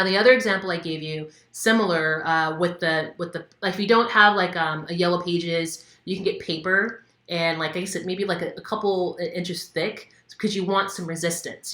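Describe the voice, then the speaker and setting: A woman's voice: fairly low pitch, fairly bright tone, reverberant. A woman wellness coach talking casually to camera, candid and conversational with many fillers. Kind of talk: casual instructional talk to camera.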